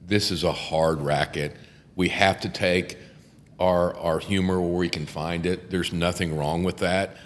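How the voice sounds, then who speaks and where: Older man, seasoned trial attorney; deep, cursing, animated raconteur; reverberant room sound. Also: measured pace, slight background noise. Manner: profane, animated storyteller who acts out courtroom voices. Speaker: criminal defense attorney, podcast host. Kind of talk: casual storytelling chat.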